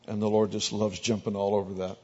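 A man preaching as a pastor, telling anecdotal stories in a sermon and growing louder and more excited as they build. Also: on the low side, fast. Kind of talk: sermon storytelling. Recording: dull lo-fi recording.

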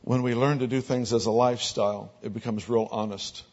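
A man preaching as a pastor, telling anecdotal stories in a sermon and growing louder and more excited as they build. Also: mid-range voice, a little fast. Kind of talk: sermon storytelling. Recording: dull lo-fi recording.

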